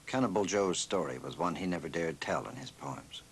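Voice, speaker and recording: A male documentary narrator reads his script in a measured, even delivery. His voice is very deep and steady throughout. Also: a little hiss or hum, poor audio.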